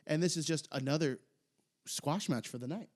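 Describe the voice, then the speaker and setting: A man's voice: fairly high pitch, normal speed. Male podcast co-host, casual rambling delivery with hesitations. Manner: rambling, hesitant, gets excited. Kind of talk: casual chat recapping wrestling.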